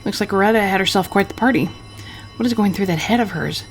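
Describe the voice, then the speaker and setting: A woman voicing a crude, drunken, scheming husband from the 1940s, talking gruffly and cursing. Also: medium pitch, fast talker, soft background music, lightly acted. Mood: grumbling. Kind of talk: reading game dialogue aloud.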